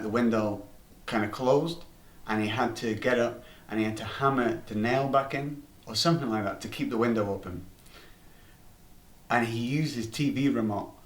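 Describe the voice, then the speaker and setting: A man rambling through a comic anecdote, swearing freely and restarting his sentences. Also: medium pitch. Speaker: comedy storyteller. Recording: roomy room, distant mic.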